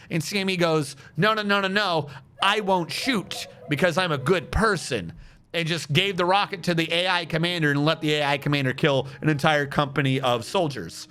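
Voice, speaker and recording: A man's voice: on the high side, fairly bright tone. A man streaming a game, chatting casually and telling a joking story with frequent laughter. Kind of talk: casual gaming stream chat.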